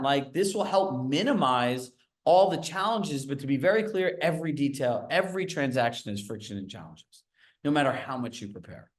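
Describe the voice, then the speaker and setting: Male sales coach, fairly high voice, energetic, quizzes his group on a video call. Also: normal speed. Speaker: real estate sales coach.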